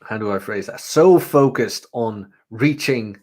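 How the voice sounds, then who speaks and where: A man's voice: fairly low pitch, expressive, unhurried, darkish tone. A man, co-hosting a podcast in casual chat, brash and boastful with slangy turns of phrase. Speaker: podcast co-host.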